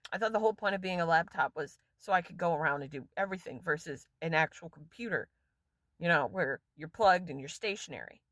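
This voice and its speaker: A woman's voice: lowish voice, brisk, a bit bright, no echo. A woman vlogger delivering an angry, profane rant straight to camera in a casual monologue.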